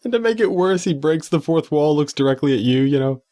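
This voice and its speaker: A man's voice: fairly high pitch, lively intonation, brisk, dark tone. A man co-hosting a podcast in casual comedic chat, laid-back and loose, reading out answers and cursing now and then. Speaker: podcast co-host.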